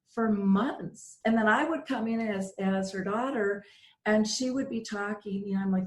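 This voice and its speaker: At a moderate pace, a middle-aged woman with a mid-range voice hosts a radio show and tells an emotional story from her own life, performing the voices of its characters. The recording is reverberant, and she comes across as earnest, her quoted voices lively.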